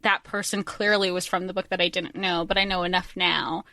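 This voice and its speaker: A woman's voice: lowish voice, steady tone, fairly quick, pushed and bright, no echo. A woman co-hosting a podcast, rambling enthusiastically in casual chat and often correcting herself. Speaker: podcast co-host.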